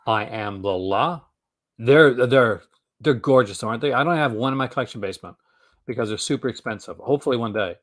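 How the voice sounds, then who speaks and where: A man's voice: medium pitch, fairly quick, no echo, studio quality. A man with a Canadian accent, hosting a casual chat and rambling with frequent restarts. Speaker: host.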